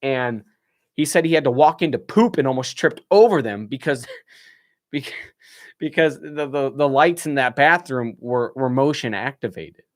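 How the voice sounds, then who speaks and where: A man's voice: mid-range voice, normal speed, no echo, studio quality. A young man on a live stream, casually telling a story with frequent laughs and acted-out quotes. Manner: animated, laughs often, acts out what people said.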